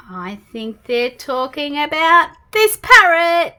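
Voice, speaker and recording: An Australian woman reading a picture book aloud to young children, slow and animated, with gasps of surprise. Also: sits high. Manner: animated, gasping, slow and exaggerated for toddlers. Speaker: storytime host reading picture books.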